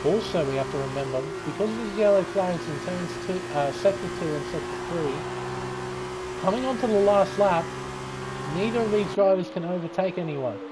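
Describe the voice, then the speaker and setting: A man with a high voice commentates a sim-racing league race, excitable and sleepy, cursing and laughing. Loud engine noise from the racing game runs behind his voice. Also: moderate pace. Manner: excitable, swears, breaks into laughs. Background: racing game car sounds.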